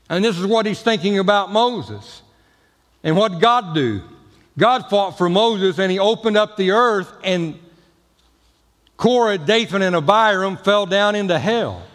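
A man's voice: sits high, fairly bright tone, long reverb tail. A man preaching a sermon as pastor, talking in a folksy, emphatic way with jokes. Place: church sanctuary.

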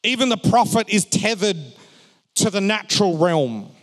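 A male pastor preaching a sermon, swinging between emphatic raised phrases and quiet, joking asides to the congregation. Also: high-pitched, expressive, moderate pace. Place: church hall. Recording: long reverb of a large hall.

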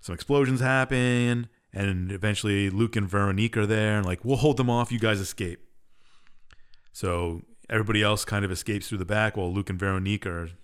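A man's voice: on the low side, clear, resonant tone. A man co-hosting a podcast, casually recapping a game's story in a laid-back, dismissive way. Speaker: podcast co-host. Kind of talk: casual chat, recapping a game plot.

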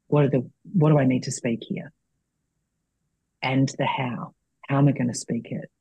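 An Australian woman speaks as a coach on a podcast, open and unguarded as she works through her thoughts. Her voice is husky and mellow, and the sound is dry and close. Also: very deep voice, normal speed, long pauses, no echo, poor audio. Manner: candid, self-searching, swears casually. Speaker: guest relationship and divorce coach. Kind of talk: reflective interview talk.

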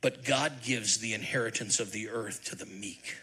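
A middle-aged man, lead pastor, preaching a sermon with animated, humorous storytelling and questions to the congregation. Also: on the low side, normal speed, slightly rough, low-quality recording.

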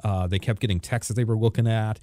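A man's voice: on the low side, fairly even intonation, quick pace, dark tone, no room sound, clean studio sound. A man co-hosting a podcast, telling an exasperated story and acting out the people in it. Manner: exasperated, acts out people in his stories. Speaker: podcast co-host. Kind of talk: animated storytelling rant.

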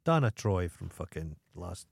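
A man's voice: low voice, sing-song, unhurried, vocal fry, breathy edge, no echo, clean studio sound. Sweary Scottish man ranting. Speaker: podcast co-host. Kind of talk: casual chat.

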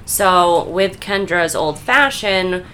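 Woman, bartender, casual chat, fluent, lowish voice. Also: animated, takes it slowly, fairly bright tone, slight background noise. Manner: explains drink flavours fluently.

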